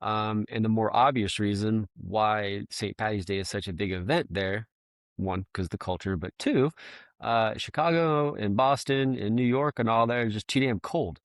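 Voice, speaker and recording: A man's voice: on the low side, normal speed, no echo, clean studio sound. A man talking as a podcast guest in a casual, rambling, self-deprecating way, laughing often. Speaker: guest, firefighter bagpiper.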